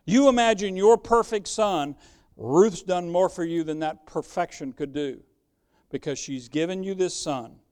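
A man's voice: high-pitched, unhurried, darkish tone, clear, resonant tone. A man preaching a sermon as pastor, emphatic and fond of rhetorical questions.

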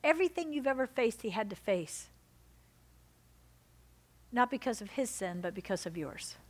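Emphatic woman preacher, fairly high voice. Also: sing-song, normal speed. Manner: emphatic, swings between loud exhortation and soft intimate lines. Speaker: pastor. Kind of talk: sermon.

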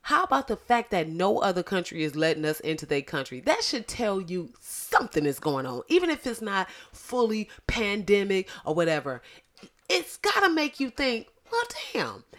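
A woman with a lisp hosting a podcast, talking in an animated, blunt and profane way straight to her listeners. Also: mid-range voice, moderate pace. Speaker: podcast host. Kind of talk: casual podcast commentary.

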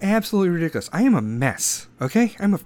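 This podcast host's voice sits high and sing-song, quick in pace with a darkish tone. Speaking directly into his pop-filtered podcast mic, he launches into a rambling, sarcastic, foul-mouthed rant in a casual manner.

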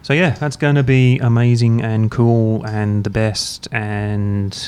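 A man's voice: on the low side, little pitch movement, slow pace, darkish tone, a little hiss or hum. Rambling, self-mocking male podcast host. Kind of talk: casual chat. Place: university room, drinking beer.

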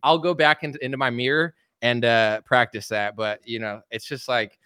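A man's voice: mid-range voice, steady tone, moderate pace, bright, forceful tone, clear, resonant tone, no room sound, studio quality. A young man hosting a casual political chat, rambling and laughing often as he talks. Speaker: host.

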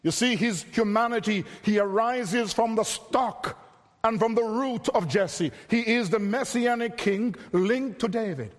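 A man preaching an expository sermon, earnest and measured, stretching key phrases for emphasis. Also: high voice, big-room sound.

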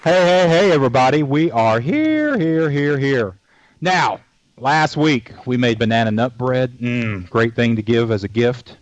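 A man's voice: mid-range voice, normal speed, no echo, a faint crowd. A man hosting a cooking show, chatting casually in a folksy, rambling way and telling jokes along the way. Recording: dull dry lo-fi recording.

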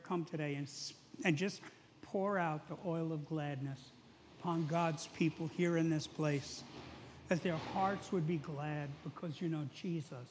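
A male pastor preaching a sermon in a church, talking conversationally and building to loud, emphatic peaks. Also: fairly high pitch. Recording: long hall reverb.

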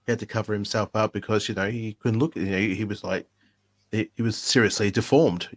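A man's voice: lowish voice, steady tone, a little fast. A man co-hosting a casual live-stream podcast, talking in a rambling way with many restarts. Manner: rambling, with frequent restarts and fillers. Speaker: podcast co-host.

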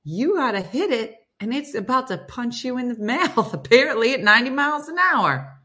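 Lively, bright-voiced chatty woman host. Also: on the high side, moderate pace. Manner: chatty storyteller, reads comments aloud and answers them. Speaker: host reading viewer comments. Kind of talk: casual live-stream chat.

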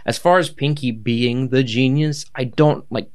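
A man's voice: medium pitch, unhurried, darkish tone. A man co-hosting a podcast, musing hesitantly in casual chat. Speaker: podcast co-host.

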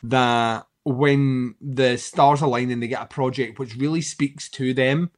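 A man's voice: mid-range voice, fairly even intonation, unhurried. A man co-hosting a casual film chat, rambling, laughing often and swearing freely.

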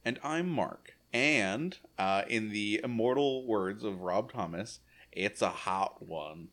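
Brief: male podcast host, wry and rambling, bright tone with a lively pitch. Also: slow pace. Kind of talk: casual podcast chat.

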